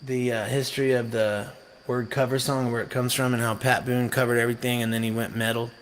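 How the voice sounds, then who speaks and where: A man from North Carolina, a musician chatting to his live-stream viewers in a rambling, jokey, animated way. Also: mid-range voice, a little fast, slight background noise. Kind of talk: casual chat on a live stream.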